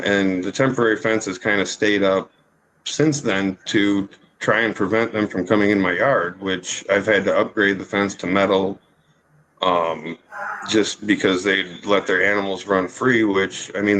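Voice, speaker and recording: A man's voice: deep voice, steady tone, normal speed, a bit bright, rough recording. Rambling, apologetic man in court. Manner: rambling, apologetic, full of fillers. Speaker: litigant testifying in court. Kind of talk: courtroom testimony.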